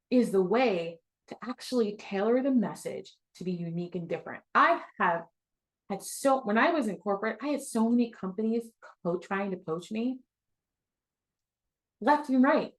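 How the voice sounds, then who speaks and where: Animated woman telling a work story. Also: mid-range voice. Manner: animated, acts out quotes, laughs often. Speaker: business coach. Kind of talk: storytelling masterclass talk.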